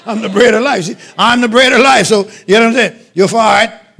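High bright-voiced preacher man. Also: steady tone, quick pace, creaky, hardly any pauses. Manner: sings out phrases, shouts and drops to low murmurs, laughs with the congregation. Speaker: pastor. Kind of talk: call-and-response sermon.

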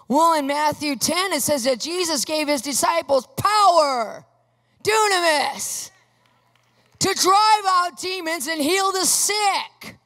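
A woman preaching a sermon in an emphatic, animated way, asking her listeners questions. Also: very high-pitched, in a large hall.

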